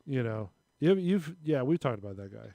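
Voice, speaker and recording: A man hosts a loose live-stream chat show and rambles through his stories, doing quick voices for the people in them. His voice sits at an ordinary middle pitch. It is recorded close and dry. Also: big pitch swings, gravelly, mellow, dry recording. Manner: rambling, retells phone calls with voices. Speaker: show host.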